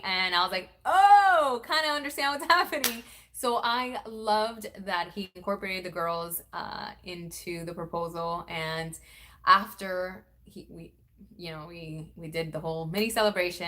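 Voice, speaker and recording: A young woman vlogger chatting casually, acting out quoted lines with big jumps in pitch. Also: pushed and bright. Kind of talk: casual storytelling chat.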